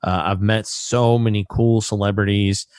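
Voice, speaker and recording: Deep-voiced man hosting a casual chat. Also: moderate pace, smooth, no room sound, clean studio sound. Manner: animated storyteller, acts out quoted voices. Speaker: podcast host.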